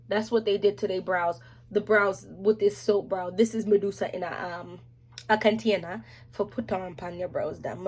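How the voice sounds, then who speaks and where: A woman chatting casually on camera about beauty products, animated and slangy, with playful asides to viewers. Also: mid-range voice, slightly rough. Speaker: beauty vlogger. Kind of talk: casual product review chat.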